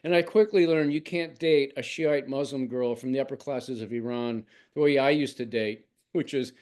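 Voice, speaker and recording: Man, 60s, from the United States, novelist, storytelling, conversational, frequent restarts, slightly higher voice. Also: moderate pace. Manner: conversational, many restarts and asides. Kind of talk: storytelling interview answer.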